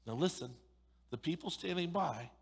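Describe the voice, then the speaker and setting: A male pastor preaching an emphatic, sarcastic sermon, swinging between loud pushes and sudden hushed asides. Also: a little high, expressive, normal speed, creaky, slightly rough, big-room sound. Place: church sanctuary.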